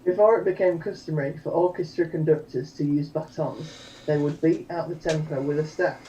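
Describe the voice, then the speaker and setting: A man's voice: on the high side, fairly even intonation, fairly quick, highs cut off, a crowd in the background. A man taking his turn in a game, eagerly reading out a trivia question. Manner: eager, reads trivia aloud. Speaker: player. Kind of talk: casual game chat. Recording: distant mic with faint noise.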